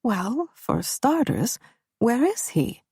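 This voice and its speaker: A woman's voice: fairly high pitch, sing-song, slow, darkish tone, slightly rough, no room sound, clean studio sound, pitched above the performer's own voice, heavily acted. A woman voicing a worried mother on the phone, speaking in a careful, roundabout way.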